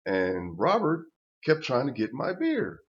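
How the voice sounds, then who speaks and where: A man's voice: mid-range voice, huge pitch swings, a little slow, highs cut off. An older man telling a personal story as a casual, profane rant, blunt and stammering through restarts.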